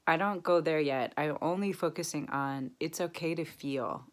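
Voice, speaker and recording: A young woman vlogging casually, talking gently and reflectively, with a cough now and then, and softening to a near-whisper when she guides an exercise. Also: deep voice, moderate pace. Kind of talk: casual self-help vlog. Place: Berlin.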